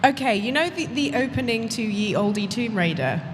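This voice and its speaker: A woman's voice: a little high, expressive, normal speed. Playful woman player in a live hall. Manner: playful, giggly description. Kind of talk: playing a tabletop game live on stage. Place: large convention hall. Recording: live hall reverb with crowd noise.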